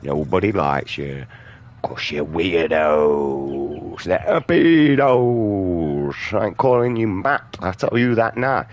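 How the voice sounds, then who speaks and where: A man's voice: sits low, big pitch swings, slow, slight background noise. A British man giving casual, profane, ranting commentary while playing a video game. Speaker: gaming streamer. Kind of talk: casual commentary over gameplay.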